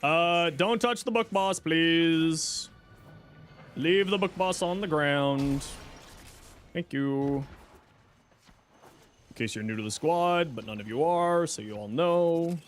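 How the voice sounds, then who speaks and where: Lively, easygoing man streaming a game. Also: on the high side, takes it slowly, pauses often, faint music behind. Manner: reads chat questions aloud and answers them offhandedly; easygoing, chatty, jokey. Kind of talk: casual live-stream chat while gaming.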